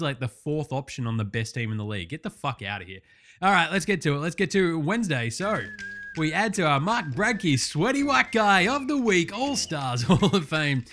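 A man's voice: on the high side, a bit bright. An Australian man hosting a sports podcast, ranting casually with lots of swearing and heated outbursts. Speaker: podcast host.

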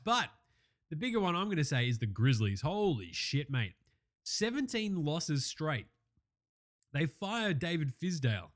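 Man, Australian accent, young adult, podcast host, profane excitable banter, slightly high pitch. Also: moderate pace. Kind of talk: casual sports recap.

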